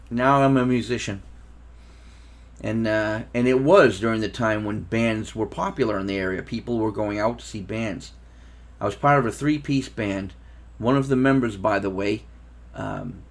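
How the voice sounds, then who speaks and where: A man's voice: mid-range voice, a bit bright. A man in his fifties casually telling a long story as a vlogger, rambling and chuckling along. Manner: rambling, laughs as he tells it.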